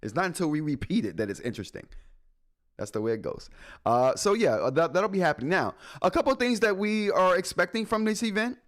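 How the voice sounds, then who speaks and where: A man's voice: high voice, expressive, brisk, fairly bright tone. A man hosting a live tech show, chatting casually with his viewers, joking and laughing often. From United States. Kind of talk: casual live-stream chat.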